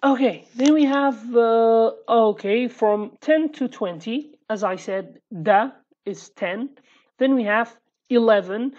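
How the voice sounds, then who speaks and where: Casual language teacher, a woman; deliberate, unhurried delivery, lo-fi recording. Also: a little high, darkish tone. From Iraqi Kurdistan. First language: Kurdish. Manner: chatty, repeats words slowly, jokey asides. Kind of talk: casual video lesson. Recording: dull lo-fi sound.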